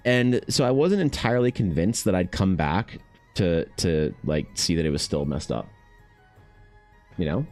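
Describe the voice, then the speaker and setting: Drawing on a livestream, a man keeps up a chatty banter with viewers, cursing easily, responding to chat and mocking himself. His low voice is brisk and lively in intonation, with a darkish tone over soft background music.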